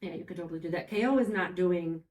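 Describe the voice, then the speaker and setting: A young woman chatting casually on a podcast, telling animated stories and saying "like" a lot. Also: on the low side, quick pace. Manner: animated storyteller, heavy use of "like". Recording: roomy, distant from the mic.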